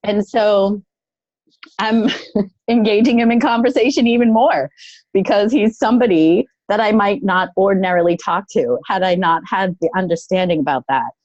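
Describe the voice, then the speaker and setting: A woman telling a personal story in a casual, thoughtful way, pausing often with fillers. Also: mid-range voice, darkish tone, no echo. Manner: thoughtful, halting, with many fillers. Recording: dull lo-fi, dry sound.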